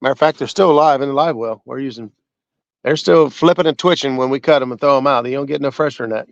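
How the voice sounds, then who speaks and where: A man's voice: mid-range voice, fast talker, gravelly, no room sound, lo-fi sound. A man hosting a fishing channel, chatting in an easygoing, folksy and hospitable way. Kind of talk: casual chat on a fishing livestream.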